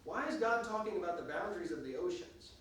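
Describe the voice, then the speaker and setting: A high-pitched man leads a church Bible class in an echoey room, heard from a distance. He talks emphatically, restarts his sentences and keeps asking the class questions. A faint hiss sits under his voice. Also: expressive, quick pace, fairly bright tone.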